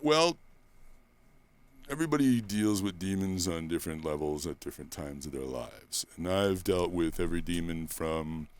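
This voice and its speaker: A male personal trainer in a candid interview, talking bluntly and profanely and rambling through stories, close to the microphone in a quiet room. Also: sits low, expressive, moderate pace.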